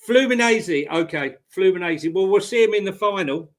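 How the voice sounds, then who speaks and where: A man's voice: high-pitched, expressive, normal speed. A man co-hosting a casual live stream, laid-back and jokey, with many ums and uhs. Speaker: co-host.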